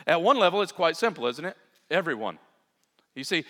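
Preaching briskly, a male pastor with a slightly high, fairly bright voice swings his pitch widely, stressing key words before relaxing into asides for the congregation. The sermon carries a long reverb, like a big church hall.

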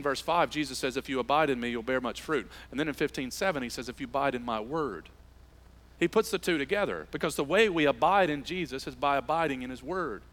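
A man preaching a sermon as pastor, swinging between emphatic rises and quiet drops. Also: medium pitch. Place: church sanctuary.

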